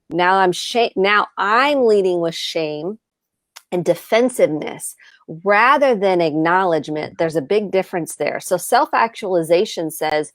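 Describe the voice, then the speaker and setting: A woman therapist co-hosting a live advice talk, explaining calmly and acting out example conversations. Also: on the low side, moderate pace, no room sound, studio quality. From United States. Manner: calm, explanatory, acts out example dialogue. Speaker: therapist co-host.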